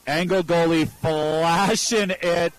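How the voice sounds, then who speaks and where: Chill guy co-commentating ski runs, slightly high voice, lots of likes and uhs. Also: steady tone, slow pace, noisy background. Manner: laid-back, casual, lots of fillers. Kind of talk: live freeride ski commentary.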